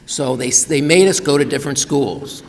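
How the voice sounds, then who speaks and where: A man's voice: mid-range voice, moderate pace. A man giving a humorous keynote talk, telling family stories and acting out relatives in quoted voices. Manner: animated, acts out family members in quoted voices. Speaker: keynote speaker. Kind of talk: humorous personal storytelling. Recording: reverberant hall.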